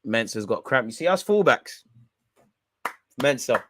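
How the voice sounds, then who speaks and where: A young man giving excitable, banter-filled live reaction commentary on a football match. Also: medium pitch, a little slow, no room sound. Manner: excitable, banter-heavy, swears. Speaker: football watch-along streamer.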